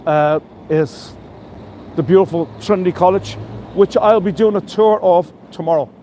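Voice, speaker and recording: A man's voice: sits high, moderate pace, dark tone. An Irish man leading a live walking tour through city streets, chatty and enthusiastic, heaping praise on the buildings he shows. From Ireland. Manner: enthusiastic, chatty, full of superlatives. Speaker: tour guide. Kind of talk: live walking tour with viewer shout-outs. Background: faint street and traffic noise.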